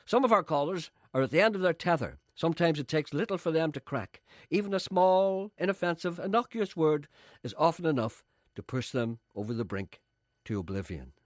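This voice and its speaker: A man's voice: on the high side, expressive, a little fast. A middle-aged man with a Northern Irish accent, hosting a comic radio chat in a wry, rambling, mock-serious way. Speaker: radio host. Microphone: studio microphone.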